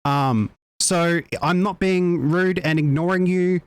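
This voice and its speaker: A young Australian man chatting excitedly on a live stream, giggling and tripping over his words. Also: high-pitched, slow, smooth. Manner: excitable, giggly, stammering restarts, mild faux swearing. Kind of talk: casual live-stream chat.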